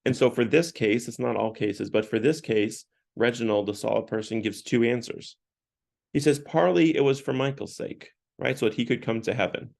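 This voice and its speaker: A man's voice: medium pitch, normal speed, vocal fry. A man leading a parish Lent book talk, retelling scenes in a conversational way with frequent restarts. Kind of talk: casual retelling and teaching talk.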